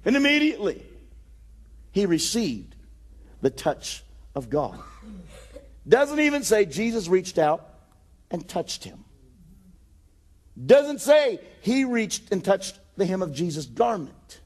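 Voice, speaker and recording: A man preaching a sermon with rising passion, acting out Bible scenes and building to shouted declarations. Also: sits high, big pitch swings, slow pace, pauses often, slightly rough. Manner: acts out Bible scenes in quoted voices.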